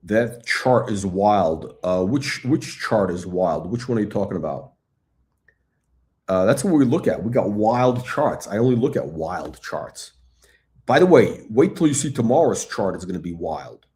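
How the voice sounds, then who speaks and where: Low voiced middle aged guy on a stock livestream, hyped up, blunt, keeps repeating himself. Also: measured pace. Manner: excitable hype, blunt, swears, repeats himself. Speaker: stock channel host. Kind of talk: livestream stock chat reading chat questions.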